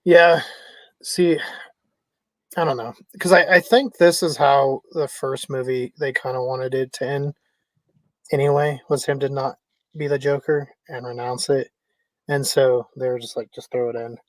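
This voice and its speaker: A man's voice: medium pitch, level tone, unhurried, dry recording, poor audio. A man hosting a casual pop culture discussion, easygoing, who passes questions to the others. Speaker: podcast host.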